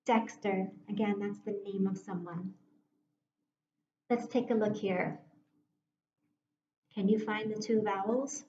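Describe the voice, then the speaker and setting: Teacher lady doing phonics w/ little kids, slow and patient, echoey room, kinda muffled audio. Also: medium pitch, warm tone, slight background noise. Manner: slow, patient, breaks words into parts and invites the class to read along. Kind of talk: phonics lesson for young children. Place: room at a whiteboard.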